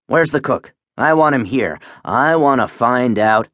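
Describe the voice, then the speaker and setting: A male narrator playing a gruff, impatient ship captain who speaks bluntly and gives orders. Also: mid-range voice, expressive, a little slow, fairly bright tone, dry recording. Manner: blunt, commanding.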